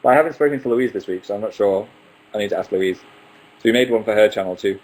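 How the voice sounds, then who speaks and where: A young man with a lowish voice runs a casual livestream Q&A from home, picking up viewer questions and answering each one briskly. His tone is chatty and playful, with a few joking asides. The sound comes from a simple computer microphone. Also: a little mellow, rough recording. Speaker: livestream host. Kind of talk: casual live Q&A.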